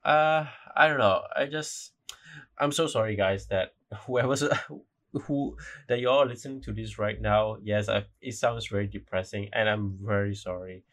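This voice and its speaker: Rambling young man with a lowish voice. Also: unhurried, a bit bright. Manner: rambling, self-correcting, apologetic. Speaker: podcast host. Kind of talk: casual solo podcast monologue.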